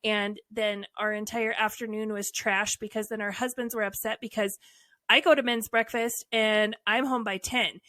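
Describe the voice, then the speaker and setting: A woman's voice: mid-range voice, level tone, normal speed, bright, forceful tone, dry recording. A woman co-hosting a podcast, telling stories frankly and animatedly with wry asides. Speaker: podcast co-host. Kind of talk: candid casual conversation.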